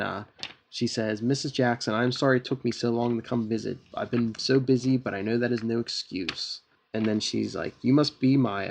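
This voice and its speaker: A man with a gravelly, fry-tinged voice recaps a comic book issue in a loose, conversational way. He leans on "uh" and "and she says" as he reads out the characters' lines at a middling pitch. A faint hiss of noise sits under the recording. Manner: retells the plot with many fillers, reading quoted lines flatly. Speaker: podcast host.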